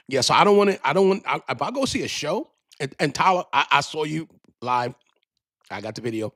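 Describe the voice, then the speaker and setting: A man's voice: medium pitch, a bit bright, dry recording. A man hosting a podcast, ranting casually in a profane, rambling way, often restarting his sentences, into a studio microphone. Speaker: podcast host. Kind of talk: casual rant.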